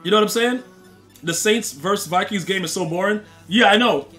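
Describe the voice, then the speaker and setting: Soft music plays behind a young man whose high voice comes out fairly quick and sharp-toned. He's live-streaming a game, tossing loose slang at his chat and trash-talking the other players in a rambling way.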